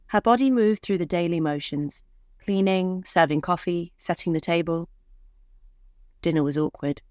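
A woman narrating a short romance story in a measured, somber way. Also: lowish voice, darkish tone, no echo, studio quality.

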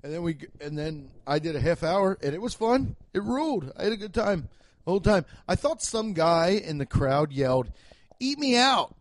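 A young man talks his way through a casual comedy podcast monologue, swearing freely and rambling from one story to the next. His voice sits fairly high for a man, and it jumps up suddenly whenever he acts out a punchline. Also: lively intonation, normal speed, a little mellow, dry recording. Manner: profane, jokey storytelling with abrupt pitch jumps.

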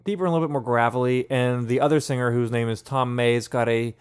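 Young man, casual music-chat co-host, relaxed and chatty, hums riffs mid-sentence. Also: mid-range voice, fast, clear, resonant tone. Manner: relaxed, chatty, hums and sings snippets of songs. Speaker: podcast co-host reviewing an album.

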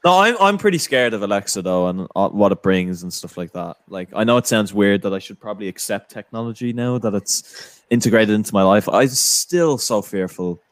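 A young man in a casual chat, jokey and quick to laugh. His voice sits fairly low and the recording is dry and close. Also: dry recording. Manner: animated, jokey, laughs a lot.

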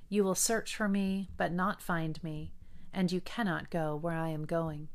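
Woman, scripture reading, fairly low voice, steady and measured, brief commentary between passages. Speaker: Bible reader. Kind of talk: Bible reading with short commentary.

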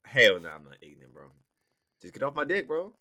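A man trading jabs in a loose, profane chat, animated and needling. His voice is bright and forward, and the sound is dry and close. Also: medium pitch, brisk, no room sound. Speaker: podcast co-host. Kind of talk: casual chat.

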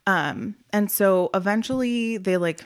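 A woman speaking in a casual podcast chat, telling an emotional story and slowing down, going soft at the heavy moments. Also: mid-range voice. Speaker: former group home worker.

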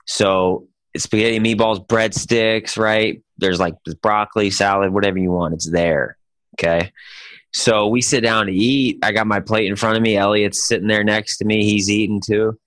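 A man's voice: on the low side, moderate pace, dry recording. Laid-back man spinning a joking story. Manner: animated, joking storyteller who says "dude" a lot. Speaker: podcast co-host. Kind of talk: casual chat.

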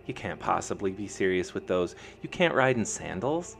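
A man reading a novel aloud, voicing a loud, petite young woman with a thick accent who teases her friends. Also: sits low, moderate pace, faint music behind. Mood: teasing. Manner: brash and teasing.

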